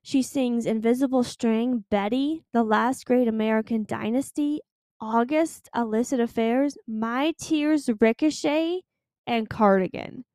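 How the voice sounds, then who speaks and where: A young woman hosting her own podcast, talking in an excited, gushing way, breathless at times and swearing freely. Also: fairly high pitch, a little slow, clean tone, no room sound. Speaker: podcast host. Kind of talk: excited casual podcast chat.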